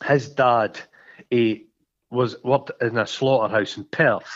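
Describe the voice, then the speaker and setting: Animated, sweary man. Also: mid-range voice, slow. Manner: animated, sweary, acts out quoted lines. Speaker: podcast co-host. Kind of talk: casual film chat. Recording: dull lo-fi sound.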